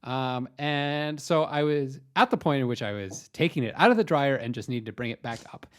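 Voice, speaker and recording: A man's voice: medium pitch, moderate pace. A young man co-hosting a podcast, telling a self-deprecating story in a rambling, hesitant way. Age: young adult. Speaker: podcast co-host. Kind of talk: casual comedic storytelling.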